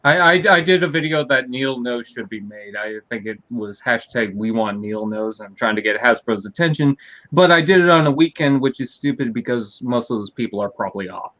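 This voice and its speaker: A man's voice: mid-range voice, lively intonation, fairly quick, a bit bright, poor audio. A man joining a livestream panel over a video call, joking and playful as he talks. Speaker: panel guest.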